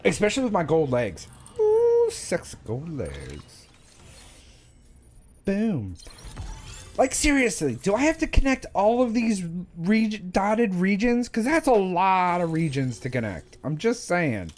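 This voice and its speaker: A man giving casual, sarcastic let's-play commentary, animated and swearing often. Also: high-pitched, measured pace, faint music behind. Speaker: gaming video host.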